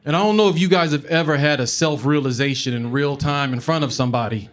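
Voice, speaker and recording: Live on stage before an audience, a man with a voice on the high side tells a funny personal story at a quick pace. He's chatty and comic, laughing through the telling, swearing now and then and animating the retelling.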